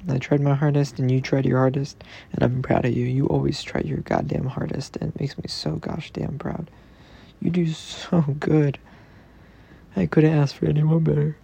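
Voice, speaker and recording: Gravelly young man, softly affectionate. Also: a little high, little pitch movement, moderate pace. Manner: tender, rambling, teasing, drops into soft whispers. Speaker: podcaster speaking to his girlfriend. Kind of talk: intimate personal voice message.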